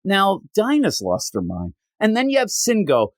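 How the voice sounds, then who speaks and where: A man chatting on a comics podcast with a lively, swooping pitch that jumps when he gets worked up. He sounds exasperated and animated, and the recording is close and dry. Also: moderate pace, dry recording. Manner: animated, exasperated, quotes characters in mock voices. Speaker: podcast co-host reviewing comics. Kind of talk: casual chat.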